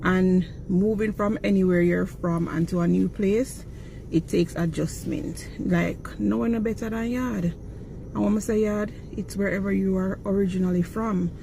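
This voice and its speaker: A man's voice: high voice, steady tone, unhurried, gravelly, warm tone, a little hiss or hum, rough recording. A young man with a Jamaican accent, speaking earnestly and directly in casual testimony. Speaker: interviewee.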